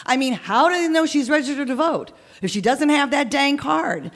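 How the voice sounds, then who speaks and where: A woman's voice: sits high, expressive, normal speed, voice pushed up. Insistent worried mom on a phone call, played by a woman narrator, exasperated. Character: stubborn worried mother on a phone.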